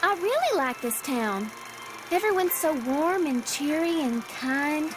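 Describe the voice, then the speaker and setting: A woman's voice: high-pitched, big pitch swings, measured pace, noisy background. A woman voicing a cheerful young anime girl in a dub, over music. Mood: dreamy, eager. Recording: played clip with music underneath.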